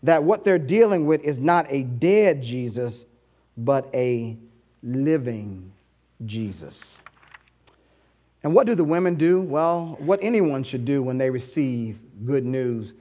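A male pastor preaching a sermon with animated storytelling and rhetorical questions. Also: medium pitch, slow pace, muffled recording.

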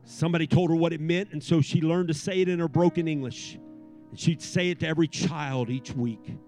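A man preaching a sermon in church, swinging from hushed tones to shouting. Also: on the high side, fairly even intonation, brisk. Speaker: pastor. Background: soft piano keys.

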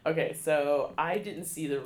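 A man telling a personal story in an interview, halting, with many restarts and fillers, becoming emotional. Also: on the high side, reverberant. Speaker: guest, theater education staff. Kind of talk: conversational storytelling.

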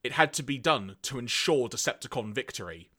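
This is a shadowy male robot henchman from a cartoon, read by a man retelling the story. He speaks in a deadpan, matter-of-fact way, and his voice has a bright edge. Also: mid-range voice, a little fast, slightly rough. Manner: deadpan, flat.

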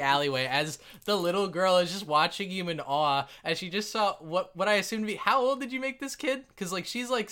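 A man's voice: high-pitched, sharp tone. A man narrating as game master in a casual tabletop game, in a rambling, laughing, profane way.

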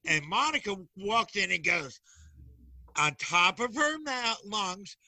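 A man, a guest who teaches occult classes, telling animated stories in a playful, teasing way and mimicking the people in them. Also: high voice, slow, no echo. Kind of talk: animated storytelling.

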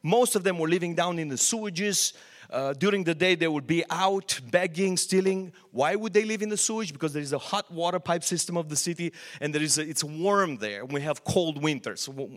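A middle-aged man from Romania with a Romanian accent, preaching a sermon and telling his story with animated, rising questions. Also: on the high side. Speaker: pastor. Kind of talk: sermon testimony.

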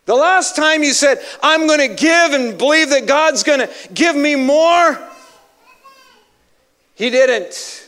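A man's voice: very high-pitched, expressive, takes it slowly, fairly bright tone, pitched above the performer's own voice, heavily acted. A male preacher voicing the enemy as a mocking, discouraging voice that needles the listener. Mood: taunting. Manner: taunting, needling.

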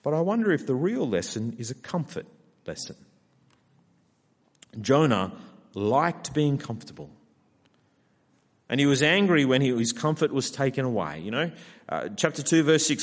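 A man with an Australian accent preaching a sermon, acting out a sulky character's complaints in a lively way. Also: fairly high pitch, normal speed. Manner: animated, acts out Jonah's whiny complaints. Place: church hall. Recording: long hall reverb.

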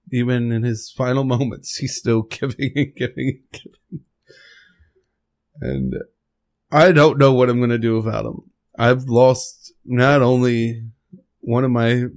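Gravelly man, choked up. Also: medium pitch, a little mellow. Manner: halting, rambling, with restarts. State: choked up, fighting tears. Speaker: podcast host. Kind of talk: emotional spoken tribute.

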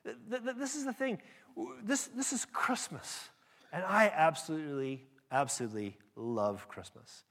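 A man preaching with a fairly high voice that rings out in a long hall reverb. He talks in a conversational, emphatic way and often stumbles over the start of a phrase. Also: lively intonation, moderate pace, a bit bright. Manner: conversational, emphatic with frequent restarts. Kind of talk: sermon.

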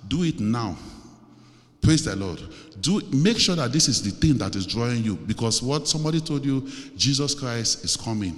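A man preaching a sermon as a visiting preacher, then leading a prayer in an earnest, pleading way and repeating his phrases. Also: fairly low pitch. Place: church. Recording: long hall reverb.

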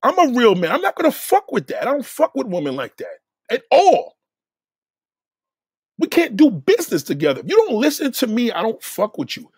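Man, livestream host, lecturing rant, husky and dry, high pitched. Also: big pitch swings, normal speed, long pauses, no room sound. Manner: blunt, lecturing, swings between loud and low. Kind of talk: profane casual rant.

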